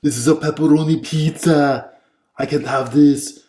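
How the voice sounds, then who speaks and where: A man's voice: on the high side, steady tone, a little slow, dark tone, echoey room, voice pushed up, natural voice. A man putting on a clumsy impression of a famous muscle-bound action-hero, barking commands with a shaky imitation accent. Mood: barking urgent.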